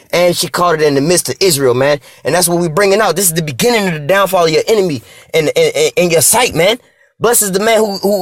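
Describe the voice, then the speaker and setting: Reading articles aloud for his vlog, a man with a voice on the high side rants casually, swearing and repeating himself. Preachy and fond of quoting scripture, he ends nearly every line with "man." The recording is dry and studio quality.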